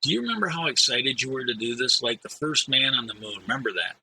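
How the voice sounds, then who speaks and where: A man reading aloud as a calm, measured male doctor pressing a patient. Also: medium pitch, slight background noise, rough recording. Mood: insistent.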